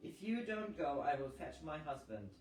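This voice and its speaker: A man reading aloud and voicing a fierce, indignant older woman who scolds in slow, clipped phrases, as in a storybook. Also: fairly high pitch, very animated. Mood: stern. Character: indignant older American woman, candidate's wife. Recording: roomy, distant mic with faint noise.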